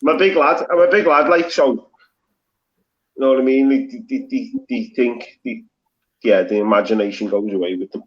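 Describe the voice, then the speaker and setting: Speaking at a normal speed with fairly even intonation and a medium pitch, this Scouse-accented man is a guest on a livestream panel. His casual banter is blunt, heavy on swearing, and full of rambling restarts, all in slightly lo-fi audio.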